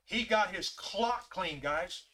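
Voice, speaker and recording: Middle-aged pastor, high bright voice, folksy and conversational. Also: male voice, lively intonation, slow. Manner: folksy, conversational, with Southern "y'all". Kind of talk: casual sermon.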